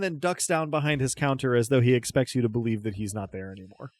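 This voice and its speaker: A man's voice: mid-range voice, brisk, few pauses, no echo, studio quality. A man narrating a tabletop game as game master, chatty and often restarting his descriptions.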